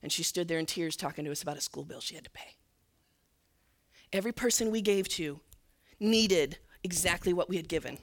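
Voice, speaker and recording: A woman church leader telling a story in a sermon, earnest and sometimes dropping to a soft near-whisper. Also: on the low side, fairly quick, pauses often.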